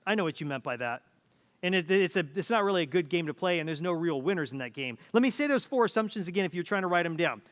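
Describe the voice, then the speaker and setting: A man's voice: high-pitched, clean tone. A middle-aged man preaching a conversational sermon as pastor, acting out quoted voices, recorded in a church auditorium. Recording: church hall reverb.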